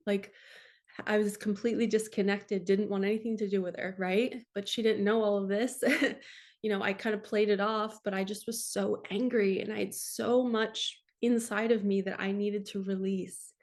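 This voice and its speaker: A woman's voice: mid-range voice, a little mellow. A woman in her forties, a spiritual coach, talking earnestly and emotionally about her own experience to camera. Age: 40s. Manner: earnest and emotional, tearful in places. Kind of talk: personal testimony to camera.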